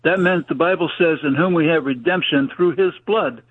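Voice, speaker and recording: A man preaching fast and urgently as a caller on a radio talk show, with folksy, plain-spoken grammar. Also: fairly high pitch, husky, no echo. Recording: tinny phone line on radio.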